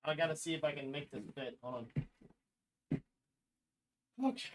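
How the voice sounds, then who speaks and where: A man's voice: a little high, moderate pace, a little hiss or hum. A man hosting a sports podcast, chatting casually with blunt, joking opinions and lots of rambling filler. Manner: rambling, filler-heavy talk with frequent "like" and "literally".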